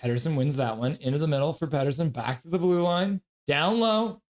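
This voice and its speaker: A man with a fairly high, slightly fast voice does casual hockey play-by-play on a live stream. Chatty and quick to laugh, he reads chat messages out loud as he goes.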